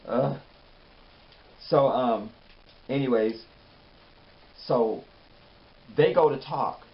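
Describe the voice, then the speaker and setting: A man's voice: medium pitch, very slow. A man giving a casual, rambling recap of a TV episode and acting out bits of the dialogue. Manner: rambling, animated, acts out the dialogue. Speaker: TV recap host. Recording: dull lo-fi audio with faint ambience.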